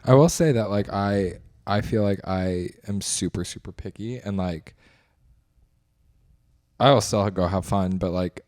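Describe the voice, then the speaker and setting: A man's voice: lowish voice, a little slow, a little mellow, dry recording, clean studio sound. A man, a comedian guest, telling candid rambling stories in casual podcast chat.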